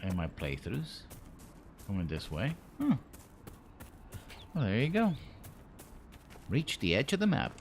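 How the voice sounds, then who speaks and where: A man with a somewhat low voice talks his way through a game on a live stream, thinking out loud and tossing off puns. His commentary is loose and rambling. A steady wash of background noise sits under the voice. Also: slow pace, pauses often. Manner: rambling, jokey self-talk with puns.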